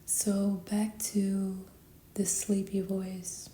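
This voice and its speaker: A tired woman giving a spiritual tarot reading, talking sleepily and softly, often half whispering. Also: medium pitch, little pitch movement, roomy sound, a little hiss or hum. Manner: sleepy, slow and soft-spoken, often whispering. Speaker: tarot reader.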